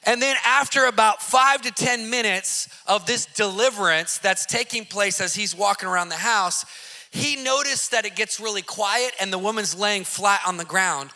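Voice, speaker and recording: A man hosting a podcast, telling a story in an excitable, emphatic way with bursts of laughter. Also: sits high, moderate pace. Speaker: podcast host. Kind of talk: animated storytelling.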